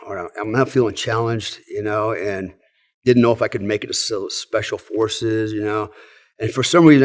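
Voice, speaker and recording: A man in his sixties, a podcast guest telling old army stories in a frank, rambling way, often tagging sentences with "right?". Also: fairly low pitch. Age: 60s. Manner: rambling, tags sentences with "right?" and "you know"; frank, swears casually. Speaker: podcast guest, former special forces soldier. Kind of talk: casual storytelling in conversation.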